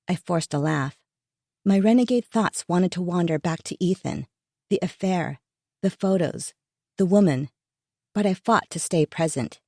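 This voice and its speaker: Warm low-voiced woman narrating an audiobook. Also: expressive, moderate pace, no echo, studio quality. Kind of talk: first-person audiobook narration.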